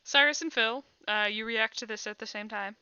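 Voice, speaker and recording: A woman game master narrates a tabletop session in a bright, crisp voice, tossing in playful splashing sound effects. The recording is dry and a little dull. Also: fairly high pitch, normal speed, no room sound.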